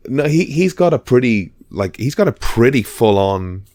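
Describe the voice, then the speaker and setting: A man's voice: medium pitch, very animated, normal speed, warm tone, no echo, clean studio sound. A man co-hosting a podcast, chatting casually about films, rambling with lots of fillers and restarts. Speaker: podcast co-host. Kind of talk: casual chat.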